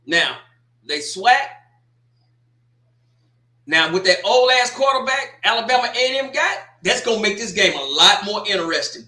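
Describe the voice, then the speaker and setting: A man's voice: high-pitched, very animated, normal speed, long pauses, pushed and bright, roomy sound. A man hosting a sports talk show, rambling through a casual opinion monologue with folksy asides.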